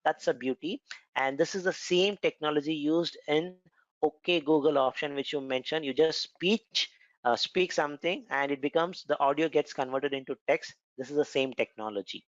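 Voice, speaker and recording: A man's voice: on the high side, moderate pace, no echo. A man with an Indian accent explaining a cloud computing course in a conversational tutorial style, with frequent fillers and repeated words. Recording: dull, lo-fi, dry sound.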